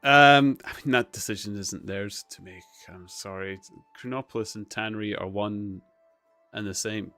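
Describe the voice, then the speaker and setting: A man's voice: fairly low pitch, moderate pace, pushed and bright, faint music behind. A man chatting casually on a live stream, playful and rambling as he talks with viewers.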